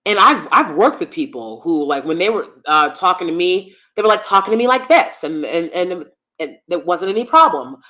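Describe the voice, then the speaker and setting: A woman with a fairly low voice hosts a laid-back livestream, reading out viewer comments. She talks in an emphatic, opinionated way and repeats points for stress. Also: animated, normal speed, bright, forceful tone. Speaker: host.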